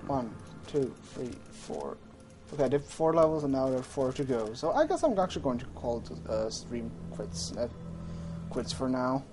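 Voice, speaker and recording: A man's voice: mid-range voice, sing-song, normal speed, music in the background. A man streaming a game, chatting casually, rambling and often correcting himself. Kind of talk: casual gaming livestream chat.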